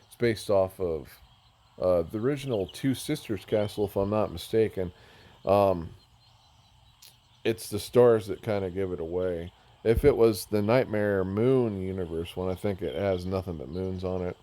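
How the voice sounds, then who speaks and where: Deep-voiced man rambling over gameplay. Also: normal speed, mellow. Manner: rambling, self-mocking, easily sidetracked. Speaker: gamer touring a build. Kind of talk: casual game commentary.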